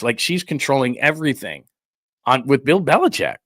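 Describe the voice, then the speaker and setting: A man hosting a sports talk show, ranting in a rambling, incredulous way and acting out quick quotes. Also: mid-range voice, very animated, fairly bright tone, no echo. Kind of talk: live-stream sports talk, reading supers.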